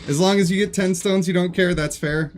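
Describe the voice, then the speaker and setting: A man streaming a game live, chatting casually and joking with his viewers. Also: high voice. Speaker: gaming streamer.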